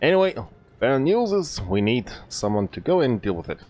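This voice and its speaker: A man putting on a loud fake Scottish blacksmith. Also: medium pitch, very animated, normal speed, lightly acted. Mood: hearty. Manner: loud, hearty, bantering.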